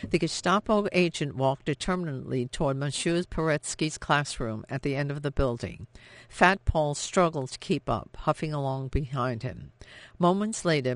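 An audiobook narrator with a mid-range voice reads a novel in scripted narration, keeping the storytelling measured and even. The recording is dry.

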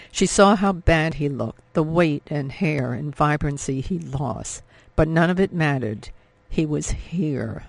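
A man narrating an audiobook in a measured, emotive reading. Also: on the high side, creaky, no echo. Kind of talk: scripted narration.

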